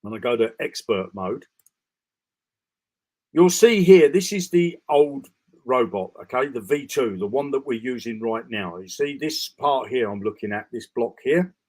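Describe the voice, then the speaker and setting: A man walking through a trading bot dashboard during a live screen-share broadcast, talking casually with restarts, fillers and frequent "okay?" checks. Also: mid-range voice. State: tired, yawning. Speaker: crypto trading bot presenter.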